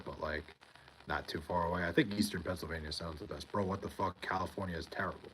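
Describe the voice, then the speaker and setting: A young man with a deep, low voice hosts a casual livestream from home. He rambles, swears freely and answers his chat by name. A faint hiss of noise sits under the recording. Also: quick pace, fairly bright tone, rough recording. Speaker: livestream host reading chat. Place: home in New York.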